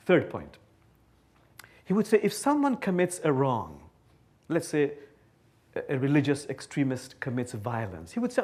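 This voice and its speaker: A man from Bangladesh, giving an animated, playful public lecture to a live audience. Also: mid-range voice, normal speed, long pauses, slightly rough. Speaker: guest speaker. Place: talk before a live audience.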